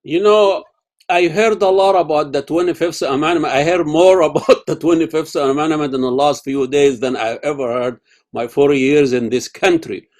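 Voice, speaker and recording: A man hosting a casual interview over a video call, talking haltingly with many fillers and restarts. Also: on the high side, a little mellow. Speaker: interview host.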